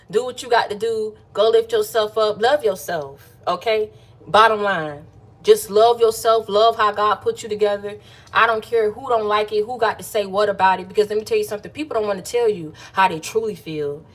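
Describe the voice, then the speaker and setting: A woman hosting a casual late-night livestream pep talk. She sounds playful and chatty and keeps calling her listeners "baby" and "y'all". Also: medium pitch. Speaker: motivational livestream host.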